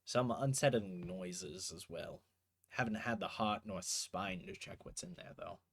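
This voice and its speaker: Laughing low-voiced man running a tabletop game. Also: measured pace, a bit bright, husky, no room sound. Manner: laughs often, does sound effects, casual and swearing. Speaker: game master.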